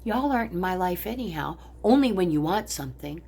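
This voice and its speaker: A woman's voice: on the low side, expressive, fairly quick, creaky, dark tone, breathy edge. Profane, ranting older woman on a phone. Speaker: vlogger. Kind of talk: angry personal vent to camera. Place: at home, looking out on a pond.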